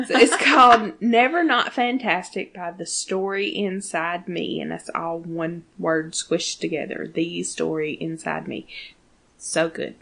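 A woman's voice: fairly low pitch, measured pace, gravelly, fairly bright tone. A woman in her thirties, a podcast co-host chatting casually, laughing often and swearing freely as she gushes. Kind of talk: casual chat.

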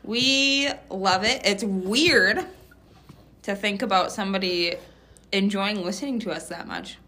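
A woman's voice: mid-range voice, a little slow, pushed and bright. A woman co-hosting a podcast in casual chat, giggling often and talking with candy in her mouth. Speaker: podcast co-host.

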